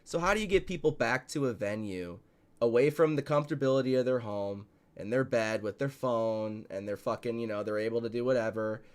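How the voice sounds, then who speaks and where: A man's voice: medium pitch, a little fast, clear, resonant tone. Profane, emphatic male podcast host. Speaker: show host and promoter. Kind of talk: casual podcast chat.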